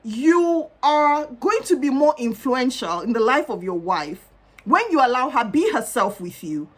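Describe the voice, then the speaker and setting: A middle-aged woman with a slightly high voice gives marriage advice as a counselor. She talks earnestly and conversationally, straight to the listener, and fills her talk with "you know". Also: animated, measured pace.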